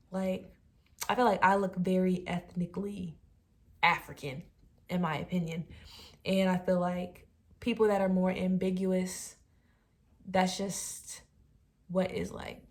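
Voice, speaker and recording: A young woman in her twenties vlogging, talking straight to camera in a relaxed, chatty way with soft trailing asides. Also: fairly low pitch. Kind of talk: casual talking-to-camera commentary.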